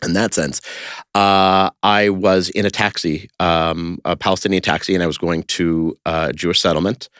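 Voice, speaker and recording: A man's voice: deep voice, steady tone, normal speed, fairly bright tone, no echo, studio quality. A man talking casually as a podcast guest, telling stories in a rambling way with lots of fillers and restarts. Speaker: interview guest, creator of a street-question video project.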